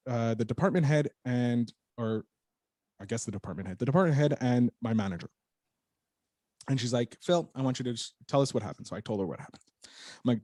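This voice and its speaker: A man on a podcast as a guest, telling a story in an animated, casual way and swearing freely. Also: medium pitch, brisk, dry recording, studio quality.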